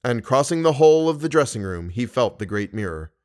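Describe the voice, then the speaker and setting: A man reads a classic novel as an audiobook narrator, keeping the storytelling steady and even. His voice sits in an ordinary male range. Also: medium pitch, a little fast. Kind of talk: scripted narration.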